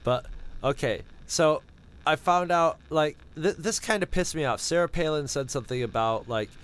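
A man with a fairly high voice and a clear, resonant tone co-hosts a podcast at normal speed, though the recording is rough. Chatting casually, he tells a sarcastic, profane story, animated and rambling, restarting as he goes.

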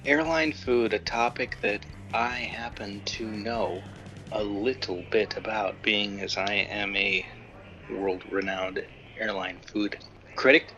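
A man's voice: lowish voice, fairly even intonation, slow pace, pushed and bright, soft background music, rough recording. A man co-hosting a comedy food podcast, playfully posing as a pompous expert. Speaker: podcast co-host. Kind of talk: comedic casual chat.

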